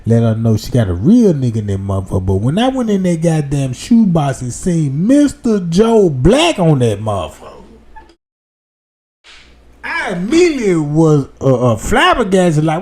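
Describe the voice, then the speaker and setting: A man hosting a livestream, telling a crude comic story in an animated rant that jumps between loud outbursts and low muttered asides. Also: moderate pace. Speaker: livestream host. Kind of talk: profane comedic storytelling rant.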